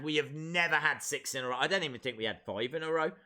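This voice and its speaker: A man's voice: fairly high pitch, quick pace, hardly any pauses, pushed and bright. A man hosting a wrestling live stream, chatting playfully and reading out viewer comments.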